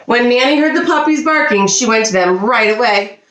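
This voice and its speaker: A woman teacher reading a children's storybook aloud, expressive and animated. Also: fairly high pitch, a little fast, slight background noise. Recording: roomy echo.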